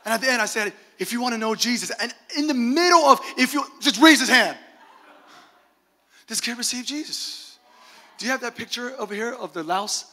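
A man preaching a sermon, telling lively stories with laughs and quoted asides. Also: very high voice, brisk, big-room sound. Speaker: pastor. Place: church sanctuary.

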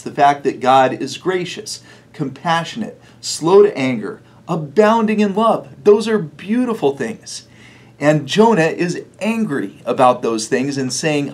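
Guy pastor with a husky voice, chatty sermon, chuckles a lot. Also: on the high side, sing-song, measured pace. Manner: conversational storytelling with chuckles. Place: church.

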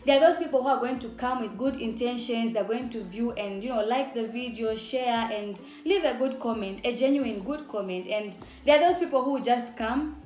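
A woman's voice: a little high, normal speed, darkish tone. Upbeat Zambian woman vlogging. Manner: upbeat, chatty, laughs often. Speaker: YouTuber. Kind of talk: casual vlog talk to camera. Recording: echoey room with faint music.

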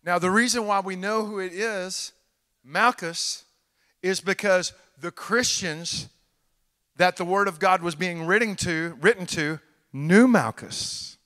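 A middle-aged man with a Texan accent preaching a sermon at a church conference, folksy and animated, joking with the congregation. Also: sits high, slow. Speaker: guest preacher. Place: large church hall. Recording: church hall with long reverb.

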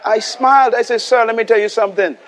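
A Bahamian man delivers a sermon in a strikingly high voice. He preaches with emphasis, repeating his key lines and urging the listeners to answer back. A faint crowd can be heard behind him. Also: fairly even intonation, fast, fairly bright tone, slight background noise. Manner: emphatic, repeats lines and calls for audience response. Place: live venue before a congregation.

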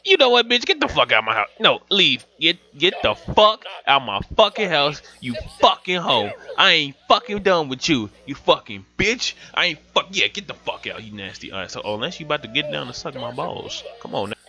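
A young man giving loud, profane, excitable commentary while playing a life-sim game, swinging from yells to mutters. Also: a little high, brisk, gravelly, few pauses. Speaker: gaming YouTuber. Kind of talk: profane comic gameplay commentary. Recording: dull lo-fi home mic with game music.

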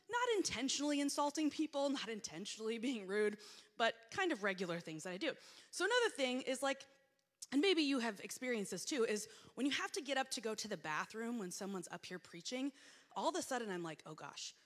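A woman in her thirties preaching a sermon in a church, reading scripture and telling candid, self-deprecating stories about herself. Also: on the high side. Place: church sanctuary. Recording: long reverb of a large church hall.

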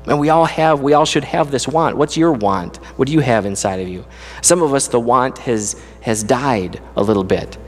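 A middle-aged man preaching a sermon as a pastor, with earnest, conversational delivery that lifts in pitch when he speaks of praise. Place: church sanctuary. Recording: long church hall reverb.

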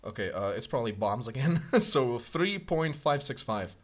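A man reading a bomb manual aloud in a casual co-op game, hurried and muttering. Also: medium pitch, big pitch swings, a bit bright. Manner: hurried, mutters while searching, bursts into laughter. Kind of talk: casual gaming chat.

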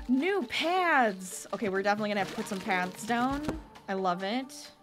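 Excitable girl streamer chatting w her viewers, voice bouncing all over. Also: on the high side, unhurried, over music. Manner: excitable, chatty, reacting aloud to chat. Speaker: game streamer. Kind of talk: casual gameplay commentary.

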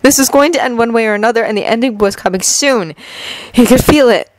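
A woman reading a fanfiction story aloud in steady, earnest storytelling. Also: on the high side, brisk, dry recording, rough recording. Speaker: fanfiction reader.

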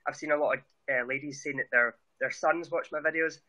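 Bright, sharp-voiced Scottish man. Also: a little high, fairly even intonation, a little fast, muffled recording. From Scotland. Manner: earnest, chatty, with many restarts and fillers. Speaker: vlogger, interview guest. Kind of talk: casual interview chat.

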